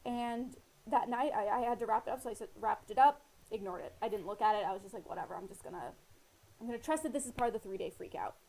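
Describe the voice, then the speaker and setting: Talking quickly with hardly any pauses, a woman with a slightly high, dark voice is captured on a rough recording. She vlogs from Australia, giving earnest personal advice to camera in casual talk that rambles, packed with fillers and retold dialogue.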